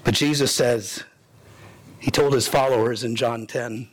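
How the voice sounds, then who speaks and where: A man's voice: steady tone, a little slow. A man preaching a sermon as pastor, telling a story dramatically with sudden rises and drops in his voice. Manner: dramatic storytelling preacher, voicing characters with pitch swings.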